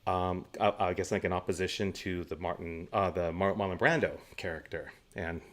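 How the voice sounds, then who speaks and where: A man's voice: low-pitched, steady tone, moderate pace, a bit bright. A man in his forties, a guest actor on an interview show, telling chatty anecdotes and laughing often between stories. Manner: gives practical stage tips.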